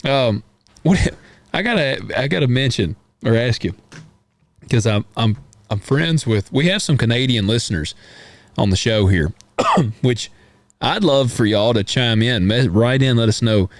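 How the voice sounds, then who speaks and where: An American man co-hosting a podcast, chatting casually about politics in a rambling, folksy, animated way. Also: mid-range voice, measured pace, dry recording. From United States. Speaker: podcast co-host.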